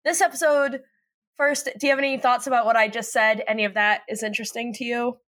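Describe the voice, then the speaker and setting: A woman's voice: fairly high pitch, fairly even intonation, quick pace, fairly bright tone. A woman co-hosting a podcast in casual chat, playful and teasing, laughing often. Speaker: podcast co-host.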